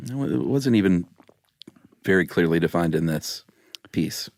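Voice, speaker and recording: A man's voice: low voice, lively intonation, measured pace, darkish tone, no echo. A man co-hosting a podcast, chatting casually and explaining things in a laid-back way. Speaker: podcast co-host. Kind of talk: casual chat. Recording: dry close studio sound.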